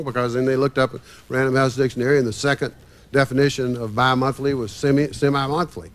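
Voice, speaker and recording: A man with a middle-pitched voice speaks as a panel guest, telling stories from his own life. He hesitates often and fills his pauses with ums and uhs. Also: fairly even intonation. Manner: anecdotal, hesitant with many fillers. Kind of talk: panel discussion.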